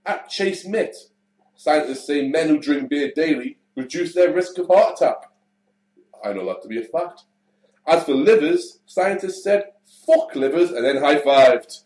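Man, co-host, dry deadpan delivery, echoey room. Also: a little high, a little slow. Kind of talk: reading tweets aloud for comedy.

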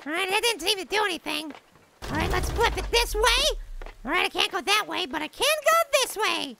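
A woman's voice: extremely high pitch, lively intonation, fairly quick, creaky. A woman commentating her gameplay in a bubbly, giggly way, often exclaiming at surprises. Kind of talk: gaming let's play commentary. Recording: noisy home recording.

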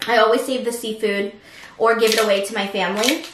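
A woman with a slightly high voice chats casually as she eats on camera, talking between bites and laughing often. She sits a little way from the mic in a room with a noticeable echo, and faint noise sits under her voice. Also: steady tone, a little fast, far from the mic. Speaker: mukbang host. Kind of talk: casual chat while eating.

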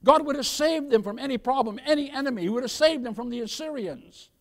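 A man preaching a sermon as pastor, swinging from loud exhortation down to near-whispers, with many calls of "beloved" and "Amen?". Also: extremely high pitch, lively intonation, fast, big-room sound. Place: church sanctuary.

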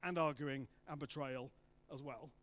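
A man preaching a sermon, telling the story with lively acted-out voices of the people in it. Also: mid-range voice, measured pace. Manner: animated storytelling, acting out voices of the disciples.

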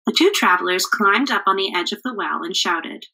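A woman teacher reading a picture book aloud to children in a clear, expressive storytelling manner. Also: lowish voice, normal speed, few pauses, rough recording.

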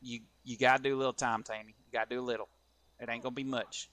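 A man's voice: mid-range voice, flat delivery, very fast, a bit bright. A man playing a police officer in an online role-play game, folksy and drawling, talking to stream chat. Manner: folksy, drawling, mild exclamations.

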